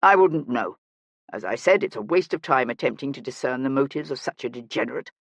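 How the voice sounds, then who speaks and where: A man's voice: mid-range voice, lively intonation, brisk, fairly bright tone, no room sound, pitched below the performer's own voice. A narrator voicing Brownbeck, a stout, self-important older male banker who blusters and moralizes, in an audiobook. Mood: pompous. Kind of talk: audiobook character voice.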